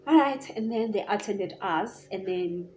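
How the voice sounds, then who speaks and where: A young South African woman with a South African accent, telling a story to camera in a casual, animated, chatty way. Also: medium pitch, measured pace, slight background noise. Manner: animated, chatty, lots of filler "like". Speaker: vlogger.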